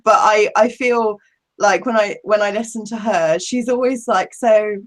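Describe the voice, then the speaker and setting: A woman's voice: mid-range voice, unhurried. English woman, casual chat guest, laughs a lot and pokes fun at herself. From England. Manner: giggly, rambling, self-deprecating. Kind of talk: casual live-stream chat.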